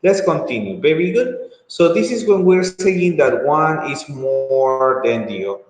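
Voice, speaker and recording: A man teaching English grammar in an online lesson, speaking slowly and drawing words out, with frequent mm-hmms. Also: a little high, animated, faint music behind. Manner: slow, drawn-out, with frequent mm-hmms. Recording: echoey room with long reverb.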